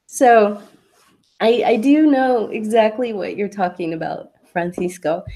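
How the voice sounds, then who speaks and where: A woman teaching English online, explaining pronunciation tips patiently with examples. Her voice is soft and mellow, and she talks at an unhurried, deliberate pace, as if giving the student time to follow. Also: mid-range voice. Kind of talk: online English lesson, answering a student's question.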